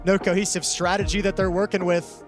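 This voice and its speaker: A man with a high, light voice breaks down the play as live esports color commentary. He thinks aloud, chatty and analytical, often restarting his sentences. Music plays clearly beneath him. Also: flat delivery, a little fast. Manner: conversational, analytical, with frequent restarts.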